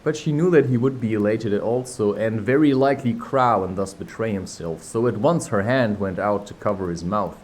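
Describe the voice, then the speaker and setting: Here a fairly low, somewhat mellow male voice reads aloud from a classic children's book in a low-quality recording. He's relaxed and unhurried, breaking off for casual asides and poking fun at himself.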